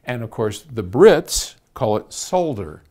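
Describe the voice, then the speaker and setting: A man's voice: mid-range voice, lively intonation, a little slow, a little mellow. An older American man answering a viewer's question in a casual, chatty way, laughing at himself and often restarting his sentences. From United States. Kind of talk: casual video Q&A.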